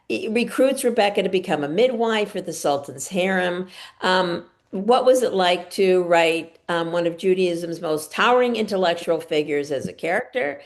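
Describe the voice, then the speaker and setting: A woman with a mid-range voice leads a relaxed book talk. She asks long, friendly questions and adds small personal asides along the way. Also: mid-range voice. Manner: chatty, encouraging, short affirmations. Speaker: interviewer. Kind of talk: casual book discussion.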